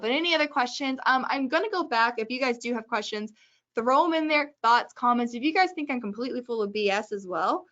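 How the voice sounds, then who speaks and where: A woman hosting a casual webinar, giving brisk, joking advice in a chatty way. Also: a little high, fairly bright tone, muffled recording. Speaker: webinar host.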